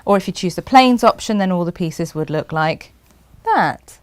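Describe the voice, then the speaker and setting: A woman who teaches sewing, hosting a live show and chatting warmly with tips for viewers. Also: fairly low pitch, expressive, normal speed, no echo. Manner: bright, chatty, reassuring.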